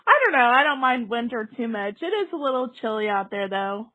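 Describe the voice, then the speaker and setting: A woman with a high voice co-hosts a casual podcast, chatty and quick to giggle. She talks through her points loosely, trailing off and laughing along the way. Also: animated, sharp tone, rough recording. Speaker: podcast co-host. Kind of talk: casual chat.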